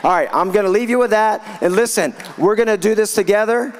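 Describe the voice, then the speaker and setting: A man with a notably high-pitched voice preaches to a congregation. He is fired up, telling stories and calling out to the crowd with growing excitement. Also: fairly quick. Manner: fired up, exclaiming and storytelling. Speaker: guest preacher. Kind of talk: sermon to a live congregation.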